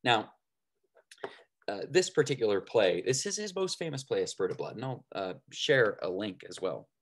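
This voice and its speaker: A man lecturing on theater in a conversational way, often checking in with "right?" and pausing on fillers. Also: lowish voice, very animated.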